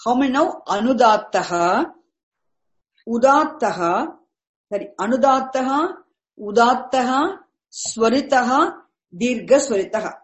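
A high-voiced woman teaches Vedic chanting marks. She goes patiently and repeats herself, breaking off words and restarting them. She spells out each term slowly. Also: expressive, rough recording. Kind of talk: explaining Vedic chanting accents to a class.

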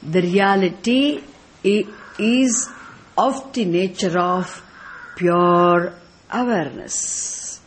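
Slow, deliberate South Indian woman teacher. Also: lowish voice, a little hiss or hum. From Tamil Nadu, India. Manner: quizzes listeners with rhetorical questions, dwells on Sanskrit terms. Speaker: spiritual teacher. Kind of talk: scriptural lecture.

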